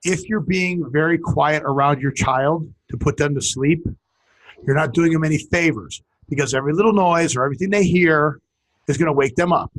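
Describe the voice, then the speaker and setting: A man's voice: fairly high pitch, moderate pace, fairly bright tone, slight background noise. A middle-aged man co-hosting a casual talk show, joking and stumbling over repeated words as he tells a story. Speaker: podcast co-host. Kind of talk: casual chat.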